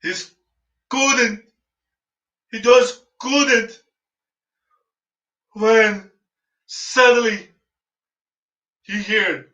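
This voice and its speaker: A native Portuguese speaker with a Brazilian accent tells a dramatic story in English, repeating phrases for emphasis and addressing his listeners as friends. His high voice draws out words, pauses often, and sounds pushed and bright. The recording is echoey, distant, and dull lo-fi.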